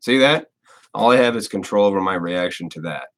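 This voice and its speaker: A man's voice: low voice, lively intonation, a little fast, fairly bright tone. A man of thirty-four hosting a live stream, talking casually in a blunt, profane, rambling way. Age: 30s. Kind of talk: casual ranting monologue.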